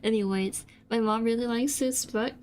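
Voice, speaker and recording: A woman's voice: fairly high pitch, steady tone, normal speed, a little mellow. A young woman from South Korea whose first language is Korean, chatting casually on stream in a rambling, hesitant way with many fillers and restarts. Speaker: VTuber streamer. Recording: faint background music.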